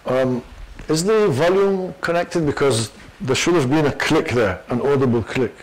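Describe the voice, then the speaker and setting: An older man giving a university lecture, animated and full of fillers. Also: mid-range voice, normal speed, poor audio. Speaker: guest lecturer.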